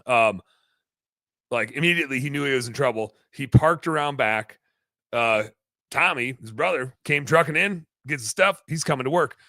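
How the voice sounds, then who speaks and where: A man hosting a podcast, telling a long story in a rambling, animated way, full of fillers. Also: medium pitch, moderate pace, no echo. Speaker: podcast host, business owner.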